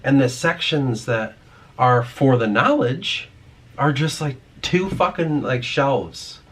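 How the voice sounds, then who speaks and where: A man's voice: medium pitch, takes it slowly, a bit bright. A man vlogging in a rambling, profane, ranting monologue.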